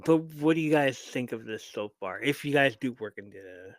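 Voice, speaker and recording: A man of middle pitch reads a listener's story on a live show. He breaks off to swear, laugh and talk straight to his audience. The sound is close and dry, with no room around it. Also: moderate pace, dry recording. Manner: animated, profane, laughs often, talks straight to listeners. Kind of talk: reading a listener's story aloud with commentary.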